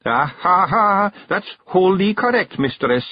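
A man's voice: high voice, lively intonation, slow pace, slight background noise, pitched above the performer's own voice. A man doing a daft pixie. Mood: gleeful. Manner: gleeful, daft. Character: dim-witted male pixie, proud and silly. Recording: dull, dry narration recording.

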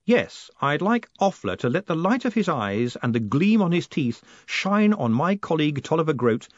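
Man voicing a confident swindler, storybook, brisk, sharp, assured, slightly dull sound. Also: on the high side, big pitch swings, no room sound, voice pushed up. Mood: smooth.

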